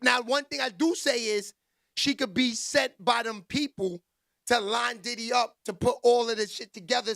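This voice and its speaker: A man with a very high, gravelly voice reacts to a clip in loud, mocking, animated chat. The sound is dry and close, with little room. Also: no room sound. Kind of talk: casual reaction commentary.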